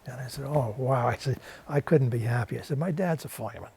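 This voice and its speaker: Speaking a little fast with a husky, dark, medium-pitched voice and some vocal fry, a New York man tells a story on a TV interview show and acts out its characters' voices. He's a studio guest who interviews war veterans.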